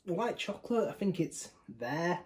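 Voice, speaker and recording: A man's voice: high voice, very animated, normal speed, a little hiss or hum, rough recording. A young man from the UK giving a casual, rambling beer tasting review, often correcting himself mid-sentence. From United Kingdom. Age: young adult. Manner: chatty, rambling, self-correcting.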